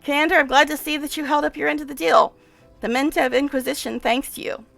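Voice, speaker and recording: A cold, formal male inquisitor pronounces a sentence in a game, read out by a woman in her own voice. The voice is high and bright, with gravelly fry, and the sound is dry and close. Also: steady tone, a little fast, soft background music.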